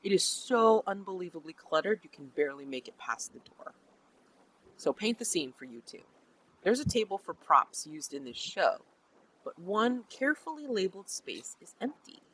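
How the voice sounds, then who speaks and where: In a roughly recorded clip, a mid-range voice narrates a tabletop RPG session at normal speed. The game master is lively and talkative, filling the narration with lots of fillers.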